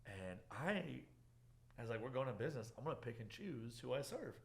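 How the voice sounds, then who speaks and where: A young man with a medium-pitched, creaky voice talks fairly quickly as he hosts a casual podcast. His stories are animated, with acted-out quotes and plenty of laughter.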